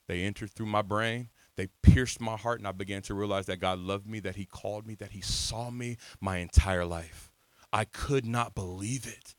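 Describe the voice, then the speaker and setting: A man preaching a sermon at an outdoor beach service, telling his own testimony with passion and big swings in loudness. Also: fairly low pitch, steady tone, moderate pace, no room sound.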